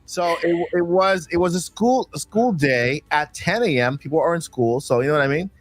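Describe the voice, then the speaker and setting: A man's voice: a little high, animated, slight background noise. A man from Florida hosting a casual stream chat, rambling and restarting his sentences. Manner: rambling, repeats words, halting restarts. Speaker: stream host.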